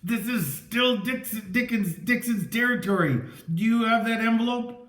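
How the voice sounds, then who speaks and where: A man's voice: very high voice, measured pace, fairly bright tone, echoey room, pitched above the performer's own voice. A man voicing a protective uncle giving urgent, clipped commands in a storybook. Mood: tense.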